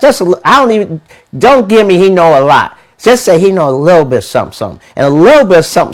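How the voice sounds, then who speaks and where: A man giving a motivational money talk, animated and preachy, with lots of rhetorical questions and slangy, casual phrasing. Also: fairly high pitch. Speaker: money mentor.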